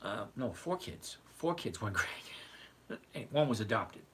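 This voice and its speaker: A man's voice: lowish voice, sing-song, slow, a bit bright, a little hiss or hum. A man in his sixties hosting a casual livestream, rambling and digressive as he answers viewers by name. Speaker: trading livestream host.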